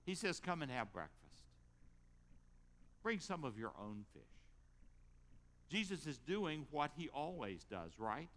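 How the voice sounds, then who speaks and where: A man delivering a sermon at an unhurried pace, his pitch lifting and falling expressively as he tells the story. His voice rings out with a long reverb, as in a church sanctuary. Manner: storytelling, lively rises and drops. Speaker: pastor.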